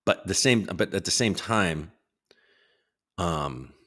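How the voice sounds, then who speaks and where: Low-voiced man rambling on a livestream. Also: expressive, slow pace, pushed and bright. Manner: rambling, loose, swears casually. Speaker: livestream host. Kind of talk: casual chat reading out viewer comments.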